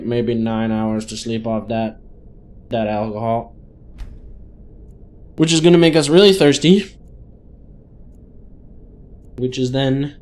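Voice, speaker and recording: Slow, chatty man narrating gameplay. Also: mid-range voice, a little mellow. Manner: chatty, thinks aloud while playing. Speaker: gaming channel host. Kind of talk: let's play commentary.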